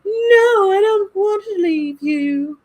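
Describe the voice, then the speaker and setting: Brief: a woman putting on a teary young girl with a British accent, high-pitched and pleading. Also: expressive, slow, darkish tone, full character voice.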